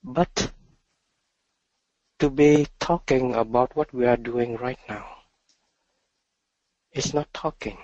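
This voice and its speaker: Soft-spoken slow meditation teacher, man. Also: medium pitch, fairly even intonation, dry recording, dull audio. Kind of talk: dharma talk.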